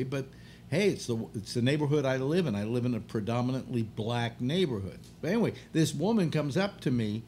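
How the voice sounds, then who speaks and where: A man's voice: mid-range voice, a little hiss or hum. An older man hosting a talk show, rambling bluntly and grumbling through restarts. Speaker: radio talk show host. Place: apartment.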